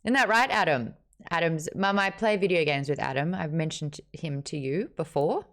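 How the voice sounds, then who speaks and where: An Australian woman in her thirties hosting a live-streamed book club chat, joking and talking fast. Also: sits low. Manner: lively, fast-running, joking. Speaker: host.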